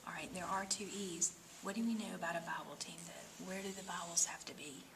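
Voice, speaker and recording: A woman teaching phonics one-on-one, patiently sounding out syllables and often dropping to a soft whisper. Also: fairly low pitch, a little fast, vocal fry, background noise. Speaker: reading teacher.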